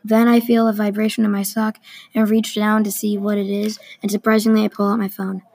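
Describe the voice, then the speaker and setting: A woman reading a story aloud at an even, unhurried pace, with small restarts. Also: medium pitch, dry recording, rough recording. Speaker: story reader.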